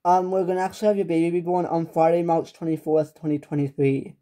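A woman's voice: lowish voice, little pitch movement, fast talker, warm tone, close to an everyday voice. A woman voicing a businesslike hospital doctor. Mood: explaining. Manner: businesslike, explaining, slightly hesitant. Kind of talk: toy-figure home drama.

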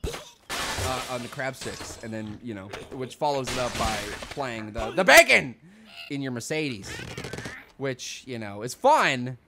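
A young man casually commenting on a mobile game, rambling nonsense and suddenly bursting into loud shouts. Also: mid-range voice, measured pace, noisy background. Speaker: gaming video host. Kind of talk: goofy let's-play commentary.

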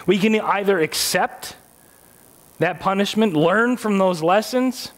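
A man's voice: high-pitched, slow pace, soft background music. A man preaching a sermon in a church, conversational and joking, putting rhetorical questions to the congregation. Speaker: pastor.

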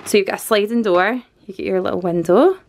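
A woman's voice: medium pitch, fast talker, slight background noise. A Scottish woman in her thirties giving a chatty, enthusiastic walkthrough tour of a converted canal barge as a family vlogger, filled with "like".

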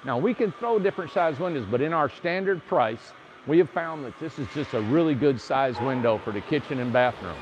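A man who builds tiny homes teaches window trim step by step in his shop, speaking fairly quickly in an expressive, mid-range voice. He's chatty and joking, and his clip-on mic gives lo-fi sound with a little hiss or hum.

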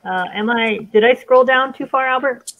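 A woman's voice: sits high, normal speed. A woman hosting a live stream in a casual, chatty way, steering the group along. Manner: chatty, leads the group with frequent "all right"s. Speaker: stream host. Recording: dull lo-fi stream audio.

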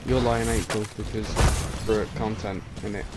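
A man's voice: fairly low pitch, flat delivery, moderate pace, heavy background noise. Chatty man streaming a game. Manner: rambling, chatty, chuckles between thoughts. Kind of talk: casual gaming stream chat.

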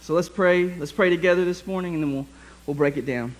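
A man preaching a lively sermon to his church congregation, joking with the crowd and reading scripture aloud. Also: on the high side, a little fast, rough recording. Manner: energetic, jokey, speaks to the congregation. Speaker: pastor. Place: church sanctuary.

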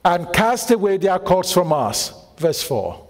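A pastor with a high, sing-song voice preaches slowly in a church hall, and long hall reverb fills the recording. He quizzes the congregation through call-and-response, repeating lines emphatically with bursts of shouting.

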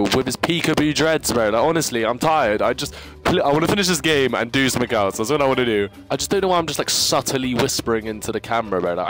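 A young man giving casual, excitable gameplay commentary, ranting and stammering, with sudden high yelps. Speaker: gaming YouTuber.

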